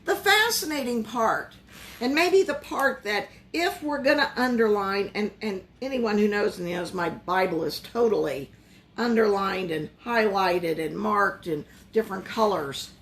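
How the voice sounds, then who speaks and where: A woman's voice: mid-range voice, fairly bright tone. A woman pastor leading a Bible study in a conversational way, often asking her listeners questions.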